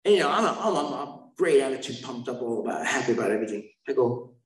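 A man's voice: medium pitch, expressive, fast talker, reverberant, rough recording. A man sharing his recovery story at a meeting, rambling and self-mocking, with asides to the listeners.

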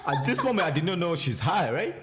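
A man's voice: a little high, sing-song, fast talker, crowd noise. A man co-hosting a podcast, telling a story in casual chat, swearing freely and repeating phrases. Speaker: podcast co-host.

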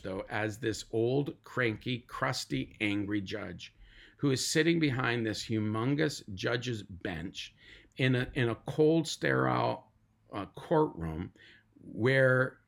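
A man's voice: medium pitch, gravelly. A middle-aged man, a pastor, giving an emphatic podcast sermon and repeating lists of words for weight.

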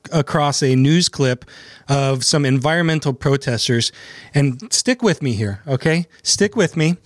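A fairly high-pitched man, recorded without echo on a studio microphone, hosts a legal talk show as an attorney and podcaster. The conversation is casual and sarcastic, and he chuckles at his own anecdote.

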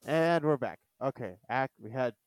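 A man hosts a relaxed podcast over an online call, recapping a cartoon episode. His voice is smooth and resonant at an ordinary pitch, and he acts out quoted lines with lively energy. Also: moderate pace, no room sound. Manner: animated, retells scenes with quoted lines. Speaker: podcast host. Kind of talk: casual chat recapping a cartoon.

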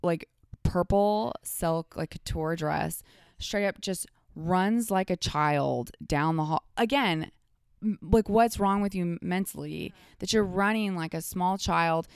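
A woman's voice: fairly low pitch, slow pace, vocal fry, clear, resonant tone, no echo, clean studio sound. A woman guesting on a podcast, telling stories casually and animatedly with lots of "like" fillers. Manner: animated storytelling, many "like" fillers. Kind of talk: casual chat.

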